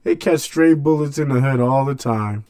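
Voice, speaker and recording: A man's voice: mid-range voice, normal speed, a little mellow, smooth, no echo, faint music behind. A man hosting a radio show, delivering a blunt casual monologue in street slang full of rhetorical questions.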